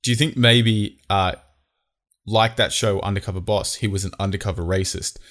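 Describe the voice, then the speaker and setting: A man's voice: fairly low pitch, fairly even intonation, normal speed, a bit bright. An Australian man co-hosting a podcast, trading crude jokes in casual banter. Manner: crude joking, swears freely. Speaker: podcast co-host.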